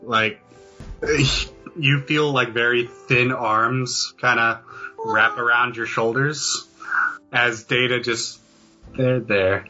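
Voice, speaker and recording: A man narrating as game master for a tabletop game, halting with many ums and uhs. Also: medium pitch, steady tone, sharp tone. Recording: dull lo-fi audio with faint music.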